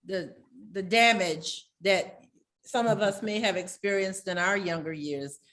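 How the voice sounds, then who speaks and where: An older woman co-hosting a podcast, asking her guest questions in a soft, halting way. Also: medium pitch. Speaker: podcast co-host.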